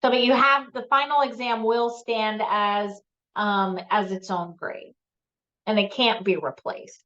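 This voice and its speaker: A woman math teacher makes classroom announcements in a fairly high, steady, sharp voice, speaking a bit slowly. She says "um" often and repeats the main points, checking in with "okay?" The lecture recording sounds dull and lo-fi.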